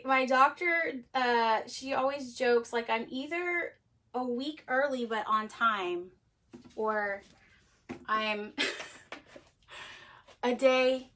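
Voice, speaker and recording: A woman's voice: sits high, slow, long pauses, fairly bright tone. A woman hosting a casual cosmetics-making livestream, chatty and rambling, full of "like", laughing easily. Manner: chatty and rambling, heavy use of "like". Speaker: host of a handmade cosmetics show.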